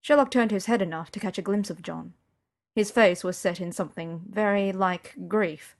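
A woman narrating an audiobook in a quiet, even, intimate manner. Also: medium pitch, moderate pace.

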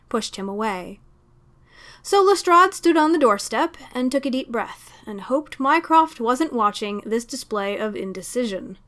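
A woman narrating a story aloud in a steady, expressive storytelling manner. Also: high voice. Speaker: reader. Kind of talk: audiobook fan fiction reading.

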